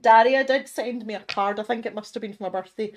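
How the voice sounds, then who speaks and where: Her voice sits on the high side and she talks fast. She's a middle-aged woman from Scotland hosting an art livestream from her home studio, reading viewer comments in casual, self-deprecating chat, laughing often and restarting her sentences.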